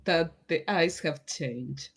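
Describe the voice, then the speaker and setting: A tabletop role-play player describing their character's actions in a halting, unhurried way, laughing often. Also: medium pitch, slightly rough.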